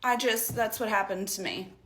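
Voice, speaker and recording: A woman from Northern Michigan telling a story in a casual vlog, exasperated and animated, acting out what others said. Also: mid-range voice, moderate pace. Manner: exasperated, animated retelling with mimicked quotes.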